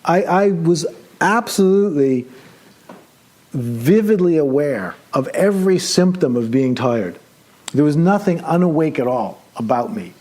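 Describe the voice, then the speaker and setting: Male meditation teacher, slightly high voice, relaxed chatty storytelling, lively voiced-out thoughts. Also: unhurried. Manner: animated storytelling, voicing his own excited thoughts; relaxed, conversational, with many fillers. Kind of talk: retreat teaching told as a personal story.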